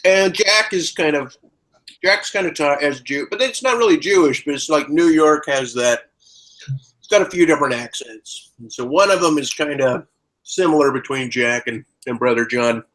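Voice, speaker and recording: Male podcast host, bright voice, loose, jokey, ranting. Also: a little high, moderate pace, poor audio. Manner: rambling, joking, prone to sarcastic rants. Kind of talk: casual chat.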